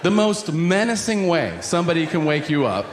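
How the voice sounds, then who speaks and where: A man in his forties doing a stand-up comedy set, telling stories in an exasperated, animated way with sudden yelps. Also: fairly high pitch, normal speed, background noise. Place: large comedy venue stage. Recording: live hall reverb with crowd. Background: audience laughter.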